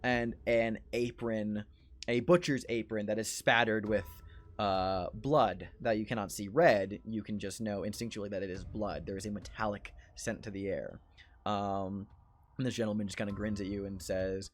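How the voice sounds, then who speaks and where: Low-voiced male game master, halting horror narration with many fillers. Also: steady tone. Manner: halting, full of fillers and restarts.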